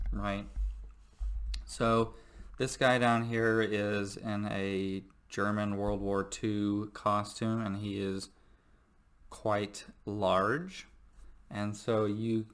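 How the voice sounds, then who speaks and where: A man's voice: lowish voice, level tone, extremely slow, a bit bright, clear, resonant tone. A man who teaches history, giving a recorded lecture in a joking, rambling way with many fillers.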